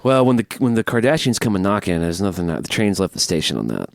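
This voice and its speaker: A man's voice: on the low side, sing-song, fast talker, vocal fry, dry recording, studio quality. A man co-hosting a casual podcast, bantering and joking with his co-host. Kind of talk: casual chat.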